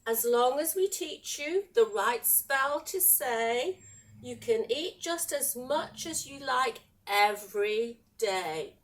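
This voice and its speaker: A woman's voice: on the high side, expressive, takes it slowly. A woman reading a storybook aloud, voicing a panicky little girl witch with squealing, flustered cries. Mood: earnest. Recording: distant camera mic.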